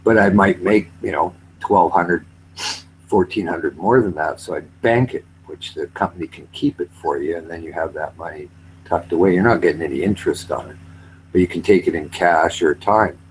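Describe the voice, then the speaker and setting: A man's voice: sits low, moderate pace, a little hiss or hum, poor audio. A man in casual chat, rambling about his railway job and likes to mimic accents for laughs. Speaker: retired railway worker.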